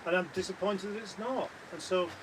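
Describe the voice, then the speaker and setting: A British man co-hosting a caravan livestream banters with his friends in a teasing, playful way. His voice is high and brisk, and the recording carries plenty of noise.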